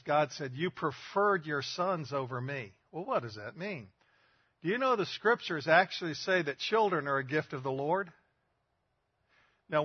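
A man's voice: a little high, breathy edge, no echo, highs cut off. An older man preaching a sermon in a folksy storytelling manner, asking the listeners questions.

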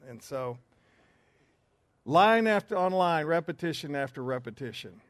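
A man's voice: on the high side, expressive, a little slow, no room sound. A man teaching a men's group in an earnest, emphatic preaching style, with asides along the way.

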